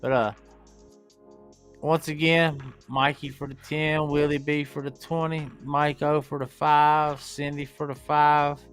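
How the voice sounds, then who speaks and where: A man with an Appalachian accent, hosting a livestream in casual, profane chat and talking in a slow drawl. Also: on the high side, level tone, a bit bright, faint music behind. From Appalachian United States. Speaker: livestream host.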